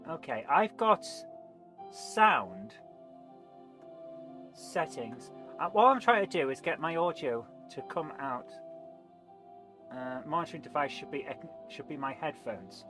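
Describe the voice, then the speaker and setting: A man's voice: a little high, expressive, takes it slowly, pauses often, pushed and bright, soft background music. A man chatting casually on a live game stream, rambling, reading viewer comments aloud and eating between remarks. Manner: rambling, reads chat aloud, eats while talking.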